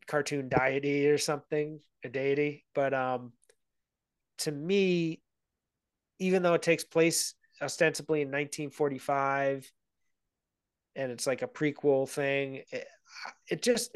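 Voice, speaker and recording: A man's voice: medium pitch, clean tone, no echo. Man, guest film analyst, thoughtful and rambling delivery, dry close sound. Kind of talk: casual conversation.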